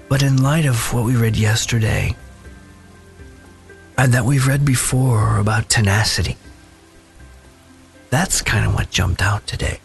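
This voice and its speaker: Man, unhurried devotional talk, lowish voice, soft music behind. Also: vocal fry. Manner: slow, thoughtful, personal storytelling. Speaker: devotional speaker. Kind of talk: reflective Bible devotional.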